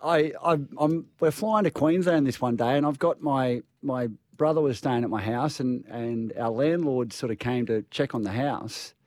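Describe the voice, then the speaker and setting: A man's voice: mid-range voice, moderate pace, few pauses, a little mellow, no room sound, studio quality. Rambling Australian radio guy. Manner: chatty, stumbling storyteller with restarts. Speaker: radio co-host. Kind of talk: casual radio banter.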